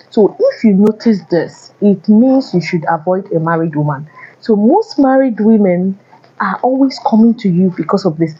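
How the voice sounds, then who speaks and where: Husky woman giving blunt advice. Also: medium pitch, lo-fi sound. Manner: blunt, repetitive warnings addressed to men. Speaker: relationship advice vlogger. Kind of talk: casual advice monologue.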